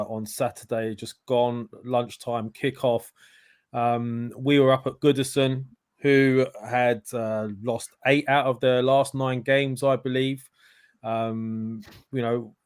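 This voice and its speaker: A man's voice: medium pitch, no room sound, clean studio sound. A man, hosting a casual online football show over a video call, loose and chatty. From England. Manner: chatty, loose, laughs at own slips. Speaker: podcast host.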